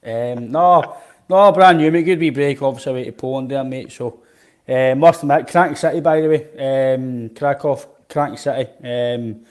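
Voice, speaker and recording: A man's voice: medium pitch, moderate pace. Easygoing Scottish man, rambling chat. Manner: easygoing, rambling, says mate constantly. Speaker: podcast co-host. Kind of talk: casual football podcast chat.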